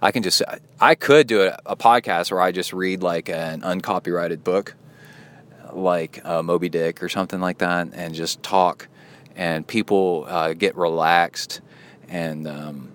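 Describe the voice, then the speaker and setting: Laid-back low-voiced male podcast host. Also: fairly even intonation, a little slow, fairly bright tone. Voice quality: soothing. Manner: playful, jokey asides. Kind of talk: casual podcast chat, reading listener emails.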